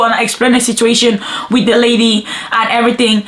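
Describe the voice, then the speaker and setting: A woman of twenty telling a personal story in a chatty, animated vlog style, often addressing viewers as "bro" and "guys". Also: fairly high pitch, fast talker, few pauses, echoey room. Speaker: vlogger.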